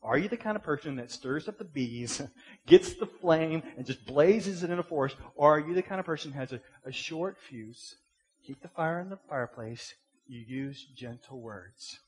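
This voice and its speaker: This middle-aged pastor's voice is on the high side and a little mellow, with lively intonation and a moderate pace. Preaching in a church sanctuary, he talks casually and conversationally, asking rhetorical questions and repeating words. Long hall reverb fills the recording.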